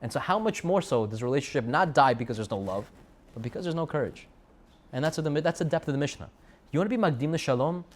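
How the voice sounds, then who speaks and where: Quick and expressive, a slightly high male voice tells stories in a sermon for students. The speaker is a rabbi giving a Torah talk, using Hebrew terms and returning again and again to certain phrases.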